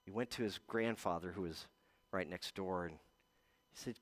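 Gentle man preaching a sermon. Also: deep voice. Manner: gentle storytelling with slow pauses. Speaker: pastor.

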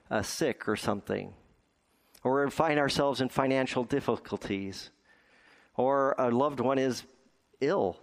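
A male pastor delivering a sermon in a folksy storytelling way. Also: medium pitch.

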